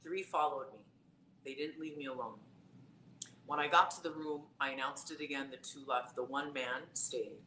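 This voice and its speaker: This woman, who reads tarot as a psychic, has a very deep, sharp-toned voice and speaks at a moderate pace. On a casual live stream she tells a personal story in a chatty manner, using plenty of fillers. Faint background noise and a roomy echo are audible.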